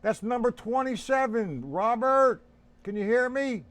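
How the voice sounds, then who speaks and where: A man's voice: very high voice, animated, a little slow, fairly bright tone. A man teaching a casual drum lesson on a live stream, talking bluntly and calling viewers by name.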